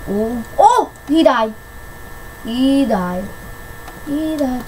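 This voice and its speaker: Woman, gameplay commentary, excitable, shrieky, higher voice, light background noise. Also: extremely slow, pauses often, low-quality recording. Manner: excitable, shrieks when winning. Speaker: gamer. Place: at home on a PC.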